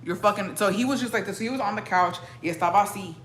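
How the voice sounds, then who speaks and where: With a medium-pitched, somewhat bright voice, a young Mexican-American streamer talks fast and reacts to her viewers in a blunt, profane way. Spanish phrases slip into her accented English, and there's slight background noise.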